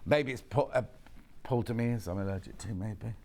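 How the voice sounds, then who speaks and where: A man with a lowish, darkish voice speaks at normal speed while selling live on a TV shopping channel. Chatty and teasing the crew off camera, he sounds slightly sniffly with hay fever.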